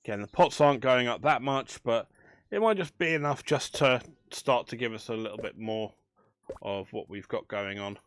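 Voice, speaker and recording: A man's voice: mid-range voice, normal speed, dry recording. A man chatting casually as he plays a management game, thinking aloud with dry banter. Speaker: gaming channel host. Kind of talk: casual let's play commentary.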